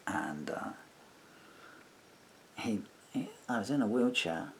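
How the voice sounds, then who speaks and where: A man's voice: lowish voice, lively intonation, slow pace, slight background noise. A man telling a long grievance in a personal vlog, rambling and indignant, acting out what others said. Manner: indignant, rambling retelling with acted-out quotes. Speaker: vlogger.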